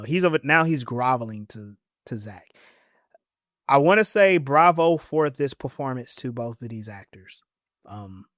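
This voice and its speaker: A man's voice: mid-range voice, dry recording. Man recapping a show, dry close sound. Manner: animated recapper, quotes characters in paraphrase. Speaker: podcast co-host recapping episodes. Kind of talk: casual chat.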